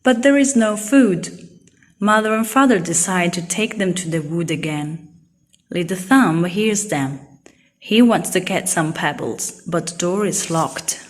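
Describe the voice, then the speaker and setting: A woman reads a children's storybook aloud, every word clear and simple. Her voice sits low, and she takes her time. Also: a little slow. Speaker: storybook reader. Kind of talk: slow read-aloud for young learners.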